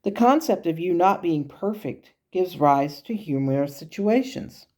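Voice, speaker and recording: A woman voicing the wise, gently humorous words of a male angel guide in her own measured, teaching tone. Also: lowish voice, lively intonation. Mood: gently instructive.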